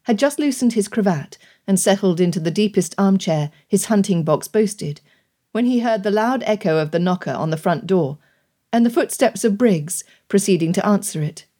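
Female audiobook narrator, low and mellow, measured reading. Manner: measured, even storytelling. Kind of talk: scripted narration.

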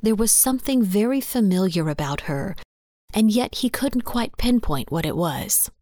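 A woman narrating a western story in a steady, even reading voice. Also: mid-range voice, moderate pace, no echo, studio quality. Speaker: audiobook narrator.

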